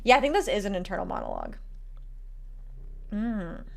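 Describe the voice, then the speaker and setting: A woman streaming a video game, talking casually and reacting with quick, animated remarks. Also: mid-range voice, creaky. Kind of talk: casual let's-play commentary.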